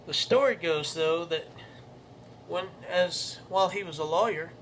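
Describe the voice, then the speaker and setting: A man's voice: fairly high pitch, a little slow, fairly bright tone, a little hiss or hum. A young man hosting his own show, talking in a rambling, self-correcting way and reading verse aloud. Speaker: show host. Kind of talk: casual monologue with poetry recitation.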